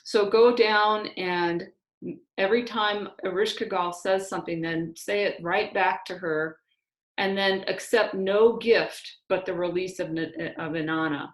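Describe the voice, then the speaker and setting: A woman retells an ancient myth in a casual, conversational manner, stopping to correct herself as she goes. Her voice sits at an ordinary middle pitch. The room adds a noticeable echo. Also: fairly even intonation, a little slow. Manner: conversational, with fillers and restarts. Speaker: storyteller. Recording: roomy echo.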